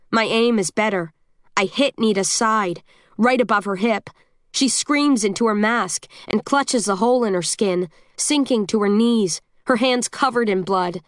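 Dry, steady woman audiobook narrator. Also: mid-range voice, no echo. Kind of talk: first-person audiobook narration.

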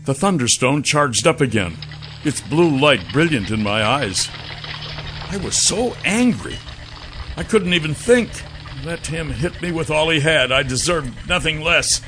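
A man narrating a first-person fantasy audiobook with a dramatic, expressive reading. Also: on the high side, normal speed, slight background noise.

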